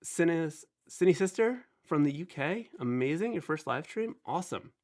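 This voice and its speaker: Greeting viewers on a relaxed live stream, this thirtysomething host rambles and chats, often poking fun at himself. His slightly nasal voice is a little high, with lively intonation and normal speed.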